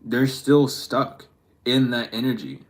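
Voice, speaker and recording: A man reads tarot cards in a loose, conversational way. His voice sits in an ordinary middle pitch. He talks in slangy asides and laughs often as he goes. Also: expressive, slow. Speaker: tarot reader. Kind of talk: casual spiritual reading to camera.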